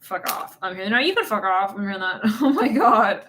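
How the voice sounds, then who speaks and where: A woman rambles through a tarot reading in a bright, forward voice, laughing at her own words and swearing without a filter. Her tone is casual and blunt. A faint hiss sits under the recording. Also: medium pitch, sing-song, brisk. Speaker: tarot reader.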